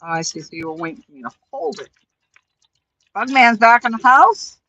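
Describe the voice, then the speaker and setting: A woman's voice: a little high, animated, normal speed, bright, forceful tone, low-quality recording. A woman hosting a live stream, chatting casually with viewers and friends and laughing often. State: talking with a mouth full of cookies.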